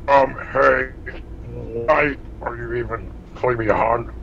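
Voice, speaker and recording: A man's voice: medium pitch, fairly even intonation, unhurried, vocal fry. A male caller who teases and mocks the host. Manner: mocking, teasing. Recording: dull lo-fi call with faint noise.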